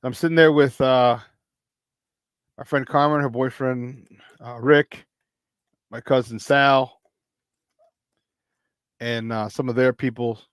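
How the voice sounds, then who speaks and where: Excitable man hosting sports talk. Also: mid-range voice, slow, long pauses, smooth, no room sound, studio quality. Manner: excitable, rambling, laughs often. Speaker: sports talk show host.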